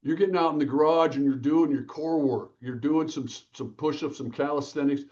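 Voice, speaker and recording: Upbeat author guy chatting in an interview, kinda high voice, lively, muffled lo-fi audio. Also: fairly quick. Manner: energetic, lively, acts out quotes. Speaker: author and guest. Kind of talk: casual interview storytelling.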